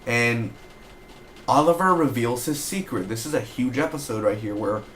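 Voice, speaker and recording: A man talks through a TV episode review in an easygoing, excitable ramble, stumbling over fillers as he recaps. His voice sits at an ordinary middle pitch, and a faint hiss runs under it. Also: normal speed. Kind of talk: casual spoken review.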